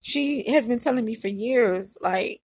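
Woman, casual storyteller, candid and repetitive, slightly high, husky voice, dry close sound. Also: measured pace, no echo. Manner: candid, conversational, repeats phrases for emphasis.

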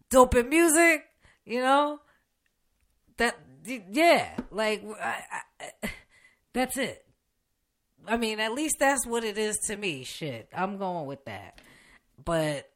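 A young woman with a lowish, fairly bright voice hosts a podcast from a radio station studio. It's an unedited, casual rant: blunt, heavy on swearing, with laughter breaking into her sentences.

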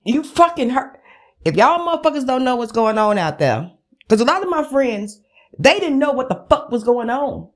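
A woman's voice: high-pitched, normal speed. A woman hosting her own podcast, ranting in casual profane commentary and acting out calls with friends. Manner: animated, swearing, acts out phone calls with friends. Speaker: podcast host.

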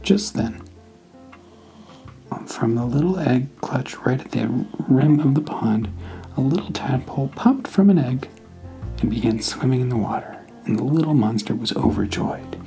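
A man hosting a podcast, telling a bedtime story in a soft, hushed, partly whispered voice. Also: medium pitch, expressive, gravelly, faint music behind, rough recording. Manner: slow, hushed, half-whispered. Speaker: podcast host.

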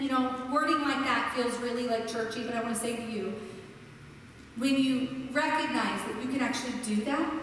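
A woman's voice: high voice, a little hiss or hum. A woman pastor preaching a passionate sermon with emphatic, repeating lists. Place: large church sanctuary. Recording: echoey hall, heard from far off.

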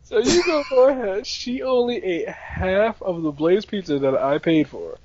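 A young man telling a story in casual chat, animated and laughing often, acting out quotes. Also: high-pitched, a little slow, noisy background. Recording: dry, slightly dull sound.

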